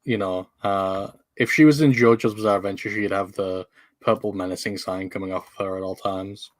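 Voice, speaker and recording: Tired man in a flat monotone. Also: low-pitched, brisk, dry recording. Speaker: player. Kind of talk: casual play at the table.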